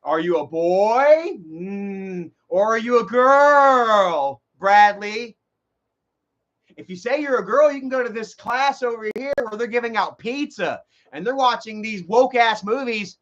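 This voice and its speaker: A sugary, patronizing school teacher, mocked by a man in a sing-song, high voice. The audio is dull and lo-fi. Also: lively intonation, unhurried, a bit bright. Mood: mocking. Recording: dull lo-fi recording.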